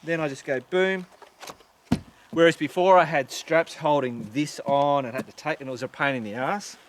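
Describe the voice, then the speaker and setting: Outdoors, amid loud wind and traffic, a middle-aged man with an Australian accent rambles through a casual story to camera for his motorcycle vlog. He swears freely and leans on fillers. His voice is on the high side, at a moderate pace.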